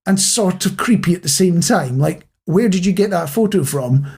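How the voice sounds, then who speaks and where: A man's voice: sits high, expressive, moderate pace, a little mellow, slightly rough. A man co-hosting a podcast, telling jokey stories in casual chat. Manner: chatty, jokey storyteller. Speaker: podcast co-host.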